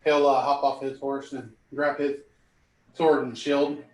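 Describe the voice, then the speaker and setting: A man's voice: mid-range voice, flat delivery, measured pace, a little mellow, roomy sound, distant mic, poor audio. A man playing in a tabletop game, speaking casually and hesitantly. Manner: hesitant, full of fillers. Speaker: player.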